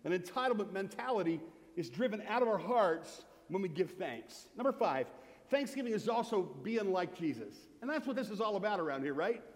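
Middle-aged guy pastor, higher voice, funny storytelling sermon, long church echo. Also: very animated, a little fast. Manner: humorous storytelling, acts out quoted voices. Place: church sanctuary. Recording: long hall reverb from the church.

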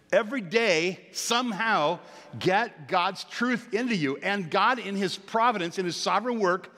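A man's voice: high-pitched, fairly bright tone, long reverb tail. An older man preaching as a pastor, earnest and exhorting, lifting his voice on key points. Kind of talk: sermon.

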